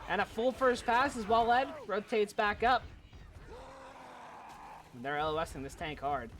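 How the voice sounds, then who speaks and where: Excitable high-pitched male caster. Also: moderate pace, slight background noise. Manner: excitable, builds in pitch and volume during fights. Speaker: esports caster. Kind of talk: live play-by-play commentary.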